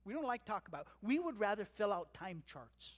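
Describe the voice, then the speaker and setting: A man's voice: high-pitched, sing-song, a little fast. A man from Canada preaching a sermon as pastor, earnest and emphatic, mixing teaching with family storytelling. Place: church sanctuary. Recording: long hall reverb.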